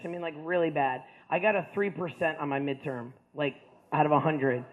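A man from the Ohio Valley telling a story to an audience, casual and rambling, self-mocking, with lots of filler words. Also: on the high side. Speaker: speaker. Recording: tinny phone-like sound.

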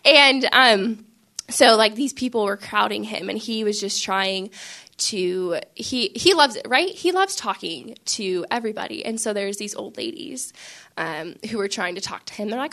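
A woman's voice: fairly high pitch, lively intonation, moderate pace, pushed and bright. A young woman casually telling a faith story, chatty, with lots of filler words and frequent laughs. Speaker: Catholic speaker sharing a faith story.

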